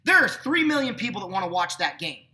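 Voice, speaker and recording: A man's voice: high voice, very animated, fast, pushed and bright. Ranting sarcastic man in an echoey room. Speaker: podcast host. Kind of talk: sports opinion rant.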